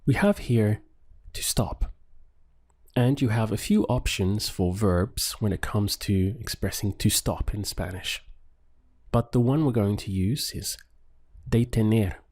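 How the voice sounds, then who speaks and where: Slow, mellow-voiced male language teacher. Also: fairly low pitch, animated. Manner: slow, patient, repeating phrases for the learner. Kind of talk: paced language lesson with pauses for practice.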